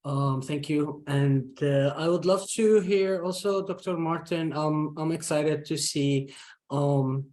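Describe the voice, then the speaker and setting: Guy moderating a webinar, slightly high voice, polite, stops and restarts a lot. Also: darkish tone. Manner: halting, polite. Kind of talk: webinar panel hosting.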